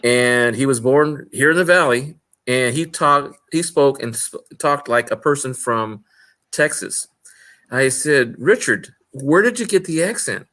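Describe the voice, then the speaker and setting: A man from California in a casual chat, telling stories about his life in a slow, deliberate way. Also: mid-range voice, bright, forceful tone.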